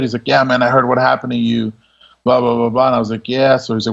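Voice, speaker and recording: Man, podcast guest, casual storytelling, gravelly, lo-fi sound. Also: medium pitch, fairly even intonation, a little fast. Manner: laid-back, laughs as he tells stories. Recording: dull lo-fi audio.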